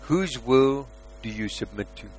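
A man preaching a sermon as a pastor, asking rhetorical questions and swinging between loud emphasis and quiet asides. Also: medium pitch, lively intonation, measured pace, slight background noise, rough recording.

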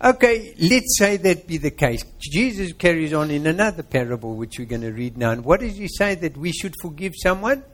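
A man's voice: a little high, lively intonation, fairly quick, hardly any pauses. A man with a South African accent preaching a sermon, quizzing his congregation and retelling a parable.

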